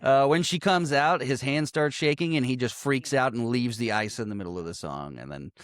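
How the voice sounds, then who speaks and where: A man's voice: medium pitch, fairly quick. A man co-hosting a casual movie podcast, recapping scenes with profane banter, acting out quoted lines and laughing often. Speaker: podcast co-host reviewing movies.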